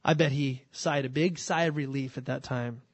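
A man preaching a sermon. He talks in an animated way and acts out the scripture scenes with quick shifts of voice. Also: mid-range voice, dry recording. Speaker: pastor.

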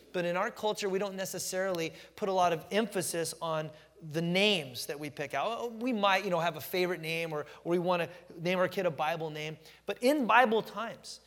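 A middle-aged pastor delivers a sermon with emphatic, animated storytelling, stretching out phrases he wants to land. His voice sits high for a man. The sound rings with the long reverb of a church hall. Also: moderate pace.

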